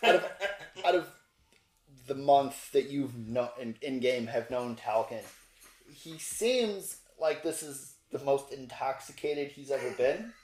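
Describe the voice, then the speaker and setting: A game master narrating a tabletop game in a rambling, halting way, full of fillers and restarts. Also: medium pitch, expressive, a little mellow. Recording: roomy echo with faint noise.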